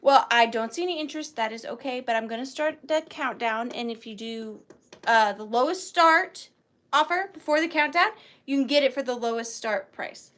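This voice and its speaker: Brief: gushing woman host of a live sale, fast chatter, bright and slightly high voice. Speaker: online antique seller. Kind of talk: live-selling vlog chat.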